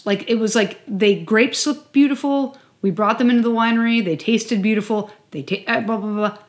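A woman's voice: fairly high pitch, normal speed, hardly any pauses. Woman, co-host, casual wine-tasting chat, rambling, swears, lots of "like". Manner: chatty, heavy use of "like", swears casually. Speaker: podcast co-host.

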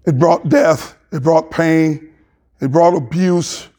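A man in his sixties with a Southern US accent preaches with a fairly high voice. He jokes and calls out to the congregation, mixing scripture with folksy asides. His delivery swings between slow, weighty lines and quick banter. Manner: animated, jokey, talks to congregation. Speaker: pastor. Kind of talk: sermon.

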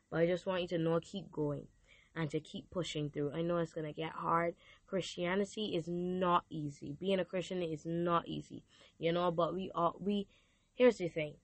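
A woman's voice: on the low side, dry recording. A teenage girl hosting a casual faith podcast, earnest and encouraging, her voice strained and partly lost. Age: teens. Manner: earnest and encouraging, with frequent restarts. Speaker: podcast host.

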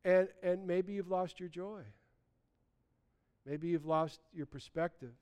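A man, preaching a sermon, animated, swinging between loud bursts and quiet asides. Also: high voice, takes it slowly, clean tone. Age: 60s. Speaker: pastor.

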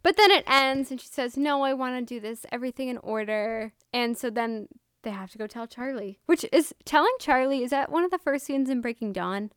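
A woman's voice: high voice, a little fast, smooth. A woman casually gushing about a novel with a friend, using lots of fillers. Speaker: co-host. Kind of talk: casual book discussion.

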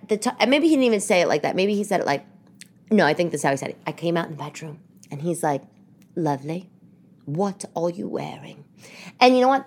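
Podcast host, woman, New York accent, lowish voice, animated casual storyteller. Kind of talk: casual chat. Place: living room.

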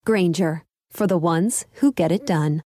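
Mellow woman reading an ad. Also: lowish voice, unhurried, no room sound, clean studio sound. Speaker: advertisement voice-over. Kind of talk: scripted ad read.

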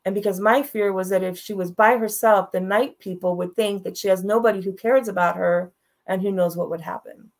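A woman's voice: mid-range voice, a little mellow. A woman guest in an interview, telling a personal story in a frank, blunt way and laughing through the hard parts.

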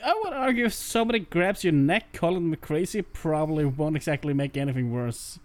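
A man's voice: fairly high pitch, brisk. A man co-hosting a casual comedy podcast, dropping dry, playful quips. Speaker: podcast co-host.

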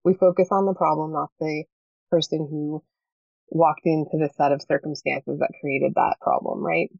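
A woman's voice: deep voice, steady tone, vocal fry, darkish tone, dry recording. A woman, a podcast guest talking earnestly about parenting and often checking in with "right?". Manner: earnest, talks in quick bursts with many "right?" checks. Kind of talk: casual podcast chat. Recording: dull, slightly lo-fi dry sound.

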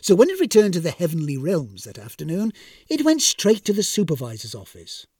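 Wry, lively male storyteller. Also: fairly high pitch, a little fast, slightly rough, no room sound, studio quality. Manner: wry, expressive comic narration. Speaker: narrator. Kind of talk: storybook reading.

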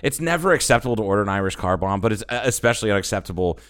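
Male podcast co-host, low voice, loose profane storytelling. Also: animated, racing, fairly bright tone, clean tone. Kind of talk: casual chat.

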